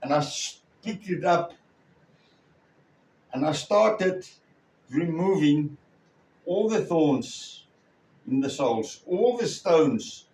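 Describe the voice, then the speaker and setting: A man preaching a sermon as a story, with a slow, halting delivery and many pauses. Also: fairly high pitch, expressive, a little mellow. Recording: echoey room, far from the mic.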